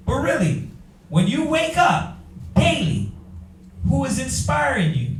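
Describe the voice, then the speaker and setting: A man leads a Bible class in a preaching style, firing rhetorical questions and calling on readers. His voice sits high and rings through a very echoey room. He sounds set well back from the microphone. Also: sing-song, slow, distant mic, slight background noise.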